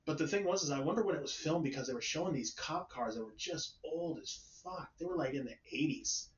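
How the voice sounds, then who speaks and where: A man's voice: a little high, animated, a little fast. Loose, swearing man, distant and echoey. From United States. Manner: rambling storyteller, swears freely, laughs often. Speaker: conversation partner. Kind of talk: casual chat. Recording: distant roomy lo-fi audio.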